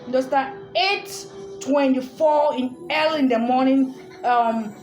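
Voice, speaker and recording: A woman's voice: high-pitched, unhurried, a little mellow. A woman telling a personal story in a casual, repetitive and emphatic way. She often stops to ask the listener "understand?". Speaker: storyteller recounting her own experience. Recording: echoey room with faint music.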